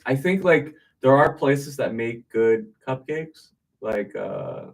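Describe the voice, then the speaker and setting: Guy chatting slow and rambly, lots of ums, sounds a bit far from the mic. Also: mid-range voice, expressive, vocal fry. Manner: rambling, hesitant, laughing often. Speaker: small talk contestant. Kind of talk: casual chat.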